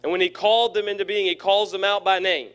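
A fairly high-voiced man preaches to his congregation. His delivery is folksy and playful, and he slips into quick voices for the figures in his stories. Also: little pitch movement, fairly bright tone, clear, resonant tone. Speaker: pastor. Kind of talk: sermon.

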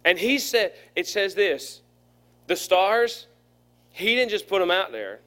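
High-voiced pastor preaching with humor. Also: male voice, sing-song, slow, bright, forceful tone. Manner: folksy and humorous, acts out voices in stories. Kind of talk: sermon.

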